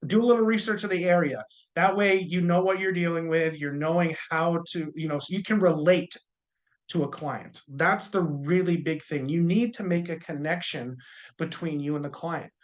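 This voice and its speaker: A man with a slightly high voice coaches a room of new insurance salespeople. His talk is loose and conversational, peppered with corny little jokes. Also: moderate pace. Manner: jokey, conversational, uses corny humor. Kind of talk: casual training talk.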